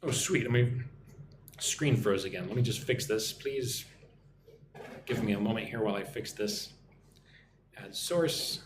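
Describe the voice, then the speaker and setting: An American man teaching English in a live online lesson, repeating example phrases slowly and clearly for learners. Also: on the low side, echoey room, slight background noise. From United States. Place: at home.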